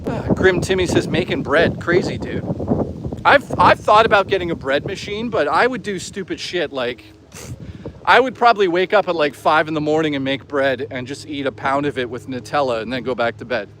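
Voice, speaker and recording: A man's voice: on the high side, moderate pace, noisy background. A man live-streaming outdoors, chatting casually, swearing freely and reading out chat. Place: outdoors on an urban trail.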